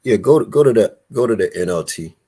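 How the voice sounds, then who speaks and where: A man hosting a live Bible study call, talking in a casual, animated, preacherly way. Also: lowish voice, a little fast, slightly rough. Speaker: host of an online Bible study talk.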